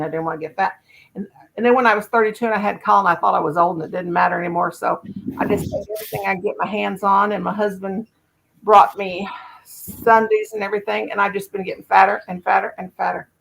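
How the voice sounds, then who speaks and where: A woman's voice: medium pitch, creaky, fairly bright tone, poor audio. A middle-aged woman hosting a casual livestream chat, talking in a chatty, folksy way with rural turns of phrase. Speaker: channel host. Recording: faint background noise.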